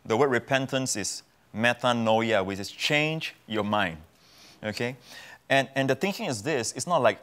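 A man's voice: mid-range voice, animated, moderate pace, fairly bright tone. A man, a pastor, preaching as a guest in a television studio interview, with emphatic repetition of key phrases. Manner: emphatic, repeats phrases for effect. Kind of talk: preaching in a talk show interview.

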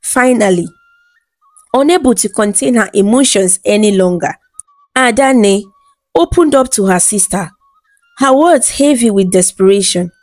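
A woman narrating a bedtime folktale in a smooth, even storytelling read. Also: medium pitch, measured pace, no room sound, faint music behind.

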